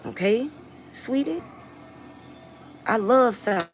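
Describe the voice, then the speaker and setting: A woman with a fairly high voice and a Southern US accent, an adult mother working as a vlogger and rapper, chats casually to viewers in a defiant, blunt way, swearing freely. She's animated but slow, faint music sits behind her, and the recording is rough.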